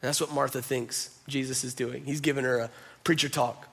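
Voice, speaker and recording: A man's voice: medium pitch, steady tone, fairly quick, gravelly, fairly bright tone, slightly rough. A man preaching a conversational sermon, speaking casually and directly to the congregation. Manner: casual and direct, addresses listeners as "y'all", uses filler "like". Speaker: pastor.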